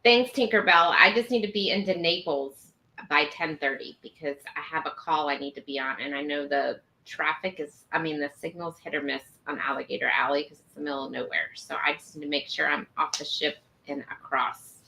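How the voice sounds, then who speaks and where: A woman's voice: low voice, brisk, creaky, bright, forceful tone, slight background noise, rough recording. A woman hosting a live stream, chatting casually and laughing often. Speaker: livestream host.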